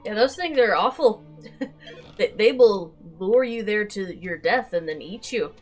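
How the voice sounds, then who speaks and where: A woman's voice: medium pitch, animated, measured pace, faint music behind. A woman chatting casually and playfully over a video game she is watching, laughing often. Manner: giggly, playful, reads game lines in silly voices. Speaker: co-host of a gameplay video. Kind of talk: casual chat over gameplay.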